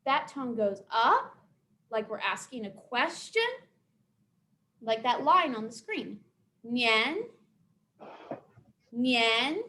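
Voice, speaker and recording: A young woman telling a folk tale to children and then teaching them simple words, expressive and careful. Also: a little high. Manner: expressive, dramatic storytelling to children; slow, careful pronunciation drills. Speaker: storyteller and teacher. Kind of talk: children's storytime reading and teaching.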